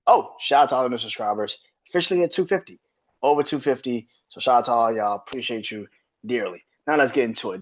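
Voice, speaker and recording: A man's voice: medium pitch, expressive, fairly quick, dull audio. A man hosting a casual sports podcast, ranting in an exasperated, profane and repetitive way. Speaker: podcast host.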